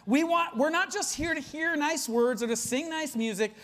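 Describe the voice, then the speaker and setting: A pastor preaching a conversational sermon, with many fillers, who swings between loud emphasis and hushed, quiet lines. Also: high-pitched, normal speed.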